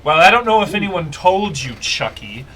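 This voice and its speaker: A man voicing a haughty, foul-mouthed woman merchant who hates losing, in a tabletop game, with shrill, exasperated outbursts. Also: expressive, takes it slowly, bright, forceful tone, breathy edge, heavily acted. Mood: scornful.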